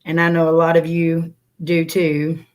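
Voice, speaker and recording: A woman's voice: deep voice, completely flat delivery, unhurried, darkish tone. A woman hosting a casual livestream, chatting and greeting viewers by name over a computer mic. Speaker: livestream host.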